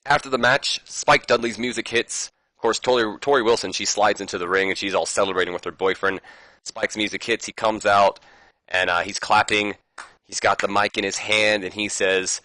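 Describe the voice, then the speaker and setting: A man with a somewhat low but bright, forward voice, talking casually over a management game. He rambles and adds amused asides. The sound is dry and close. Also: fairly even intonation, moderate pace, dry recording. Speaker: gaming YouTuber. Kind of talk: casual gameplay commentary.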